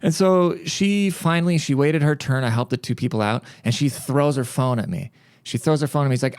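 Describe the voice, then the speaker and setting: A male podcast host rants casually, telling stories in a blunt and profane way. His voice is clear and smooth, at a middle pitch for a man, recorded dry and close. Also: a little fast, no room sound. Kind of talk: casual rant monologue.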